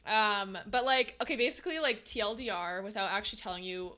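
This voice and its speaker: A woman game streamer chatting casually with her viewers, talkative and quick to laugh as she answers chat. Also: mid-range voice, bright, forceful tone.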